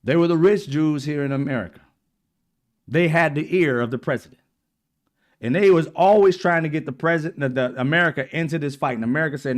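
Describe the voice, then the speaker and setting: A man hosting his own channel, talking in a casual, blunt monologue with frequent swearing and repeated throat clearing. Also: a little high, a little fast. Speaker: channel host.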